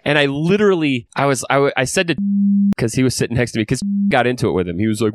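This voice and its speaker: A man's voice: medium pitch, expressive, fast, no echo, studio quality. A man hosting a podcast who tells a story in casual chat, rambling and frank, swearing and laughing often. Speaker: podcast host.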